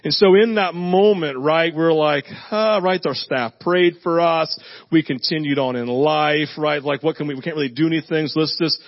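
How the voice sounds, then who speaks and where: A man's voice: on the high side, moderate pace, highs cut off. A male pastor giving a conversational sermon, telling a personal story with lots of asides and "right?". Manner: animated storytelling, asks "right?" often, self-deprecating asides. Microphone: handheld mic.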